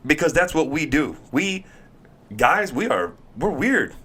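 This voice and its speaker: A man, a pro baseball pitcher, telling a story in casual chat and acting out the voices of the people in it. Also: unhurried, husky. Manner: animated, acts out quoted voices, laughs while telling. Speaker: guest, MLB pitcher.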